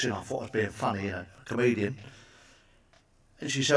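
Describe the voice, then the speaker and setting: A man's voice: medium pitch, quick pace, fairly bright tone, recorded from a distance. A man doing crude stand-up one-liners, swearing a lot and asking the listener for agreement. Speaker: stand-up comedian.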